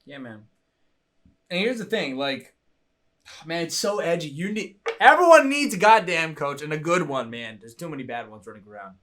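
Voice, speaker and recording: A young man hosting a coaching show, talking in a blunt, profane, animated way. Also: fairly high pitch, normal speed. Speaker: coaching podcast host. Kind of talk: casual chat.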